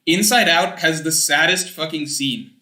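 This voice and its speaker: A young man streams in an echoey room, reading chat aloud and rambling in casual, animated talk with some swearing. His voice is on the high side and unhurried.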